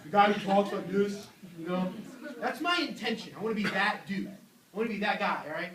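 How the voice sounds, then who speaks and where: A young man giving a youth sermon, animated and joking, acting out little voices. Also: high voice, fairly quick, recorded from a distance, background noise. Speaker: youth pastor. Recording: echoey room, voice from afar.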